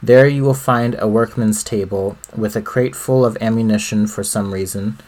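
A man's voice: on the low side, fairly even intonation, normal speed, a little mellow. A man co-hosting a podcast, steadily reading out a video game walkthrough with small fillers. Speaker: podcast co-host.

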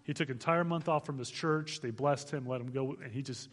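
A man in his forties from Arizona, a guest missionary speaker giving an animated testimony to a church, laughing as he tells it. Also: medium pitch, brisk, in a large hall. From Arizona, United States. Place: church sanctuary.

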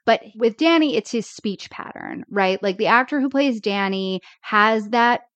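A woman co-hosts a casual chat about old TV episodes, and she jumps into quoted lines with lively, acted-out voices. Her voice sounds dry and close, with a slightly dull, muffled tone. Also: fairly high pitch, a little slow, dry recording. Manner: animated, acts out characters' lines when quoting. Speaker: podcast co-host.

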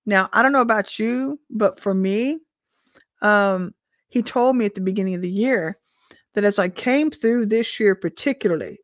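A woman's voice: medium pitch, no room sound. Woman preaching conversationally, dry sound. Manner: conversational, rhetorical questions, occasional throat clearing. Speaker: Christian teacher and minister. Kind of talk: informal prophetic teaching.

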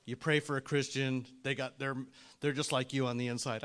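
A middle-aged man giving a sermon-style testimony as a lay speaker, telling his story in an animated way that swings from hushed asides to loud, fervent bursts. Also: medium pitch, fairly quick.

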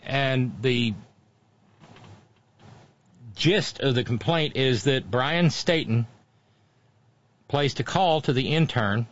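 A man's voice: medium pitch, slow, long pauses, dull audio. Sardonic male commentary host. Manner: sardonic, mocking, with frequent asides. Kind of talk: casual political commentary.

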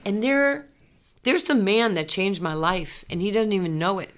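A woman, a former athlete telling her life story in an interview, animated and laughing often. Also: mid-range voice, moderate pace. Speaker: interview guest, former basketball player. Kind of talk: candid personal storytelling.

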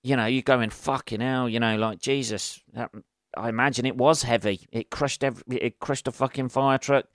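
A man's voice: medium pitch, steady tone, brisk, dry recording, clean studio sound. A man hosting a solo podcast, rambling through sweary, self-deprecating stories. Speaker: podcast host.

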